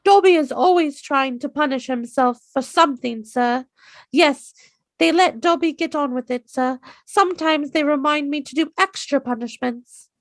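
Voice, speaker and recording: A woman voicing a timid, servile male house-elf in a high, squeaky voice. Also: normal speed, dry recording.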